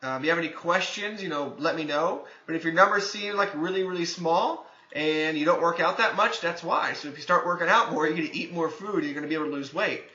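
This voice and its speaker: A man coaches viewers through a casual tutorial in a loose, conversational way, with plenty of filler phrases. His voice is bright and sits a little high. The sound is dull and lo-fi, with a roomy echo. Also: quick pace, few pauses. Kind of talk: casual screen-recorded tutorial. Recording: echoey room, dull lo-fi sound.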